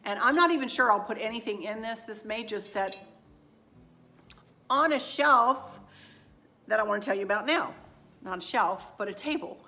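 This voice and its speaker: A woman's voice: on the high side, normal speed, pauses often, pushed and bright. A middle-aged woman chatting in a rambling, folksy way as she shows home decor finds. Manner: rambling, folksy, self-deprecating, talks straight to viewers. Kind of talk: casual chatty shopping haul. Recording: echoey room.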